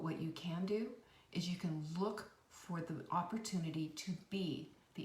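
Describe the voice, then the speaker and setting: A woman's voice: fairly low pitch, moderate pace, darkish tone. A middle-aged woman hosting an earnest, encouraging faith talk, asking listeners direct questions. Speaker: host. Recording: roomy and distant from the mic.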